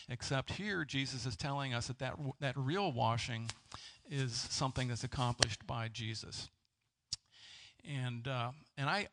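A man preaching a sermon as a pastor, halting and searching for words with many fillers and restarts. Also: medium pitch, creaky, a bit bright. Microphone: presenting with slides.

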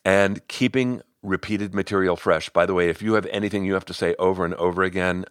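A middle-aged man hosting his own podcast and telling a story as a speaking coach. He is expressive, climbing high when excited and sinking to near-whispers. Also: fairly quick, smooth, no room sound, clean studio sound. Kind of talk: solo podcast storytelling and advice.

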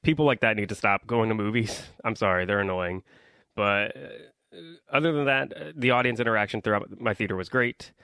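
A man's voice: lowish voice, brisk, sharp tone, clean tone, dry recording. A young man hosting a solo podcast, rambling through a casual movie review with lots of ums and likes while complaining about his audience. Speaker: podcast host.

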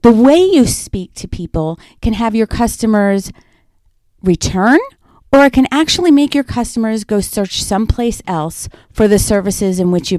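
A woman's voice: mid-range voice, warm tone, no echo, studio quality. A woman giving a conversational lesson on communication, illustrating her points with personal stories. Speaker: instructor. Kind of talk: lecture on communication.

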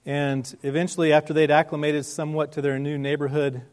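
A pastor preaching, reading scripture and telling a story, slowing down for emphasis. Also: male voice, a little high, flat delivery, darkish tone. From United States. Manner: earnest, slows down for emphasis. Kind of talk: sermon.

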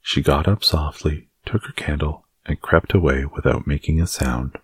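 A man reading a novel aloud as an audiobook narrator, in a calm, measured way. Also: extremely low pitch, breathy edge, no room sound. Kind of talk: scripted narration.

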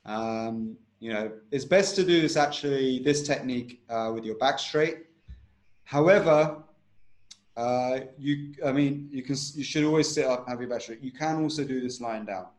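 A man's voice: mid-range voice, moderate pace, roomy sound. A man teaching a breathing technique in an interview, instructive and repetitive, often checking in with "right?".

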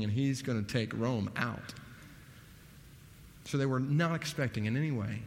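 A man preaching a sermon, animated, his voice rising emphatically on key points. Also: fairly low pitch, a little hiss or hum. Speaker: pastor. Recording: long hall reverb.

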